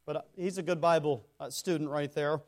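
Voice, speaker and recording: A pastor preaches in a fairly high voice, a little fast and steady in tone. He rises into loud, emphatic lines, then drops to hushed, low-pitched asides. He speaks directly to people in the pews, calling some of them by name.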